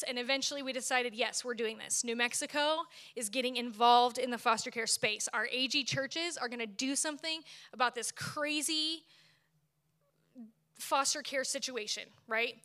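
Bright-voiced woman preaching a testimony. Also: high voice. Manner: expressive storytelling with laughs. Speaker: speaker at church. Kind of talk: personal testimony sermon.

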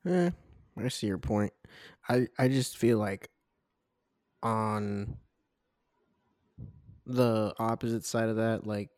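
Chill young dude on a podcast, rambles and swears, dry close mic. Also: male voice, on the low side, darkish tone, no room sound. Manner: laid-back, profane, rambling. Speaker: podcast co-host. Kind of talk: casual podcast chat.

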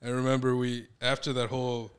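A man's voice: mid-range voice, monotone, brisk, clean tone. A young man co-hosting a podcast, telling a story in loose, rambling casual chat and laughing often. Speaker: podcast co-host.

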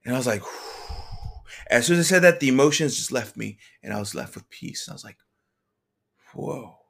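A man of ordinary pitch tells a personal faith testimony. His delivery is earnest and halting, with sentences that stop and start again. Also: lively intonation, creaky, fairly bright tone. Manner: earnest and halting, with frequent restarts.

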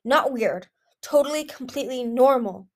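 A bossy young female dragon, lovestruck and impatient, in a read-aloud fantasy story, as a woman plays her. She snaps her lines in short, sharp bursts, and her voice rides a little high. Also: animated, brisk, natural voice.

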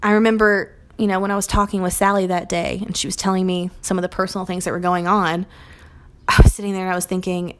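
In a recorded talk, a young adult Montessori teacher discusses teaching in a lowish voice, delivered flatly and fast. She remains earnest and reflective, acting out short quoted phrases along the way.

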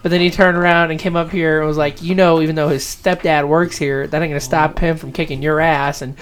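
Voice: medium pitch, a little fast, clean tone. A podcast co-host telling a work story in casual chat, acting out what each person said. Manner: animated storyteller, acts out quoted lines.

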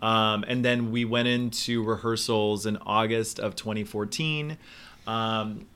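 Bright-voiced man telling a story. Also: lowish voice, unhurried, clean tone. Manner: animated storyteller acting out quotes. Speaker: Broadway performer. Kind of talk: casual chat storytelling.

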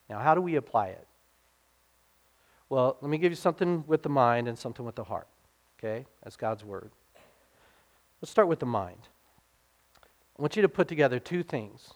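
A middle-aged pastor with a medium-pitched voice preaches a sermon in an earnest, conversational manner, often checking in with his listeners.

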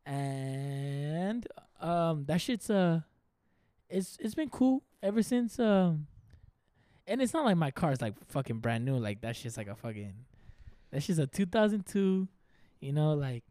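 A young man in his early twenties with a notably high voice, co-hosting a laid-back podcast. He tells stories in a loose, profane way, acting out what everyone said. The sound is close and dry, with no room echo. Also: measured pace, smooth. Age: early 20s. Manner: profane, animated storytelling with acted-out quotes. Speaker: podcast co-host. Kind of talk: casual podcast chat.

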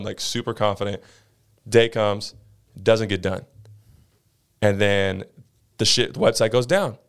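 Smooth-voiced young man ranting casually. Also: fairly low pitch, unhurried, pauses often. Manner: animated storyteller who acts out quotes with swearing. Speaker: podcast host. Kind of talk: casual podcast chat.

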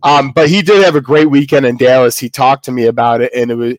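A man's voice: medium pitch, steady tone, fast, no echo. A man co-hosting a casual wrestling podcast, rambling with many restarts. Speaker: co-host.

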